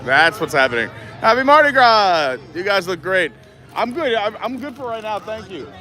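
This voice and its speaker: A man's voice: high voice, big pitch swings, moderate pace, bright, forceful tone, faint music behind. A man live-streaming a walk through a theme park festival, chatting casually and reading menu boards aloud. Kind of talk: casual walking commentary.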